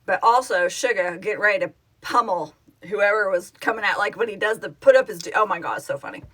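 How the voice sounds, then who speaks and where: A woman who founded a fan project, hosting a casual live stream, answering viewers' comments in an excitable, gushing way and laughing often. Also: mid-range voice, fairly quick, breathy edge.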